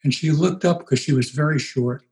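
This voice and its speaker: A man in his eighties, a pastor being interviewed, telling stories in an unhurried, reflective way. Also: on the high side, a little mellow, rough recording. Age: 80s. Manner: unhurried, anecdotal, puts on voices for quoted people. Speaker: guest, pastor.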